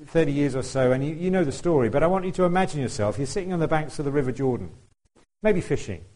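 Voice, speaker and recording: A man's voice: a little high, animated, fast talker, dark tone, low-quality recording. A man preaching a conversational sermon to a congregation, often asking them questions. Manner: chatty, asks the congregation questions, acts out quoted voices.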